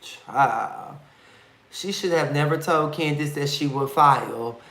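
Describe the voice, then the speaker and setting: A man chats on a live stream with a bright, forceful voice. His delivery is sassy and campy, full of slang and swearing, and he sounds affectionate toward his viewers. The sound is roomy and echoey. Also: a little high, slow pace. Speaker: host of a live reality TV review stream. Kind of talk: casual live-stream chat.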